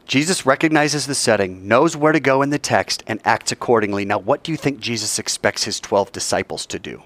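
A man teaching a classroom Bible lesson, animated and quizzing his class while acting out scenes. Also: mid-range voice, brisk, slight background noise. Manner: animated, acts out scenes in voices, asks the class questions.

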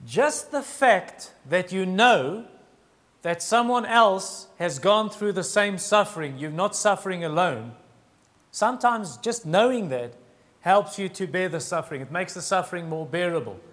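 A man preaching a sermon, earnest and emphatic, slowing down to stress key phrases. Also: high-pitched, animated, fairly bright tone. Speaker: pastor.

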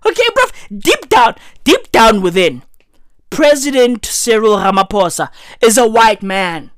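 A woman, delivering a profane comic rant full of "bruv" and "right?", her voice swinging high and low. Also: sing-song, a little slow, no echo, studio quality. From South Africa.

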